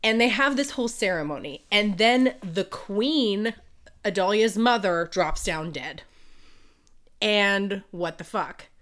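A podcast co-host, a woman recapping a story in loose, casual chat. Her voice is bright and forceful. She is animated, swears freely and breaks into laughter often. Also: medium pitch, slow pace.

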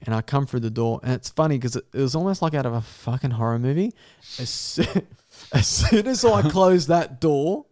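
A young man telling an animal story with animated energy, swearing and laughing as he goes. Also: medium pitch, normal speed. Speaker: guest storyteller. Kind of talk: casual podcast storytelling.

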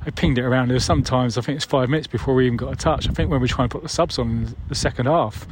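A man of middle pitch talks through a casual voicemail in a loose, conversational way. He swears mildly and sounds wry. A faint hum sits behind his voice. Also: steady tone, rapid-fire. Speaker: caller leaving a voicemail.

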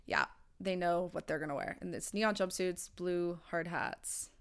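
A woman's voice: fairly low pitch, unhurried. A young woman co-hosting a podcast, animatedly recapping the plot in casual chat. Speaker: podcast co-host. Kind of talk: casual movie-watching chat.

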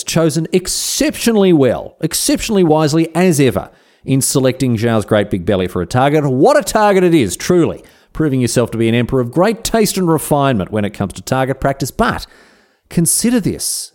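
A man voicing a flattering royal attendant who coaxes the emperor with fawning, persuasive talk, in a comedic history podcast. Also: mid-range voice, a little fast, natural voice. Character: smooth-talking, flattering male royal attendant.

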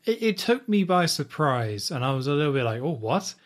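A man co-hosting a film podcast, giving animated opinions with stammered restarts. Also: a little high, brisk. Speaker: podcast co-host. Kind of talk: casual film review chat.

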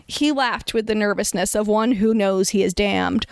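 A woman reading a satirical story aloud as narrator, in a mock-earnest, deadpan manner. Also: mid-range voice, normal speed, vocal fry, hardly any pauses, no room sound.

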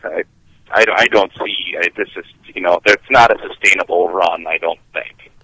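A man with a very low voice co-hosts a casual podcast. He jokes drily and often stumbles and restarts his sentences. The recording is dry and close. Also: fairly even intonation, pushed and bright, dry recording, rough recording. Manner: dry, joking, halting with restarts. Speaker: podcast co-host. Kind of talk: casual chat.

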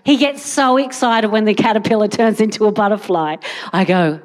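A woman's voice: mid-range voice, moderate pace. A young adult woman doing a stand-up comedy set on a live stage, rambling and incredulous with wry asides. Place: live theatre stage with audience. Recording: live venue with faint crowd noise.

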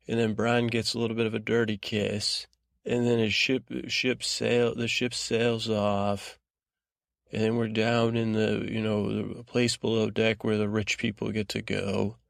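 A man's voice: lowish voice, flat delivery, a little slow, creaky, no room sound, clean studio sound. A man hosting a sleep podcast, giving a meandering, rambling bedtime recap that drifts off track. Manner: rambling, digressive, trailing off.

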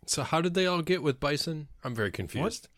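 A man's voice: a little high, lively intonation, a little fast, fairly bright tone, no room sound. A man co-hosting a podcast, making short dry wisecracks during a casual movie watch-along. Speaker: podcast co-host.

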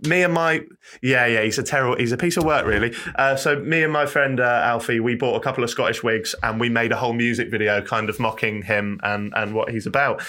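A young man talking as a podcast guest, his voice bright and forceful. He rambles, trips over his own restarts and laughs easily, at a middle pitch. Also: steady tone, a little fast. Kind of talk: casual interview chat.

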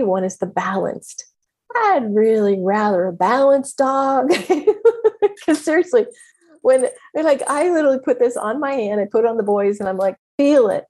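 A woman coach giving a motivational talk in an emphatic, animated way, laughing often. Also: mid-range voice, husky.

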